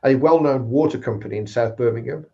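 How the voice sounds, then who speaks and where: A man's voice: mid-range voice, fast, dark tone. Chatty man telling work stories. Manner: anecdotal, acts out quoted voices. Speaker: guest speaker on recruitment. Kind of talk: storytelling in casual chat. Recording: slightly dull lo-fi sound.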